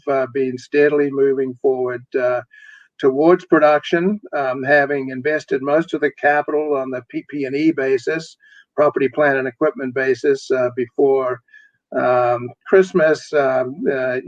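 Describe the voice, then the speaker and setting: A man with a New Zealand accent, a mining company executive, speaking in a measured way with many pauses and fillers. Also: medium pitch, no echo. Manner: measured, with many ums and uhs. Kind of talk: business presentation on a panel. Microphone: video call. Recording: dry, muffled video call audio.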